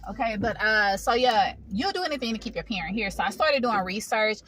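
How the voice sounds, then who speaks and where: Parked in her car in a public area, a woman vlogger tells her viewers a personal story in a chatty, informal way. Her mid-range voice is expressive and brisk, over a noisy background.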